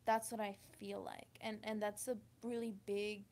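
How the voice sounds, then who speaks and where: A woman telling a personal story to camera, halting and emotional, with many restarts. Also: mid-range voice, level tone, darkish tone, slight background noise. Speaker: vlogger. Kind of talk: confessional storytime.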